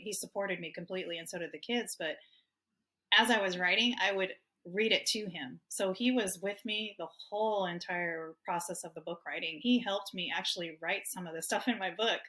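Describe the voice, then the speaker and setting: With a lowish, sharp-toned voice, a Hawaii-born author in her fifties shares personal stories as a guest. She speaks openly and with emotion, breaking into laughter often.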